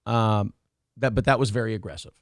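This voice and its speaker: A man's voice: fairly low pitch, fairly even intonation, fairly quick, no echo, studio quality. A slightly drunk man hosting a casual live stream, rambling and fumbling with lots of fillers. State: a little drunk. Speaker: podcast host.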